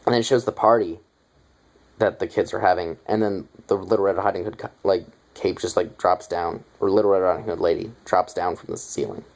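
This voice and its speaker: Low-voiced young man rambling through a review. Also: steady tone, fairly quick, a little mellow, poor audio. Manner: rambling, filler-heavy retelling with asides. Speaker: movie reviewer. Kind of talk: casual spoken movie review.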